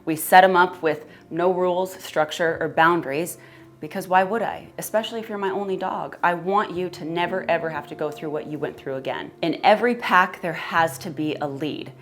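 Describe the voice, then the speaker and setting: Blunt, emphatic woman with a lowish voice. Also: fairly quick, a little hiss or hum. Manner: emphatic, blunt, swears casually. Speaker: dog rescuer and trainer. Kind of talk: personal storytelling and advice.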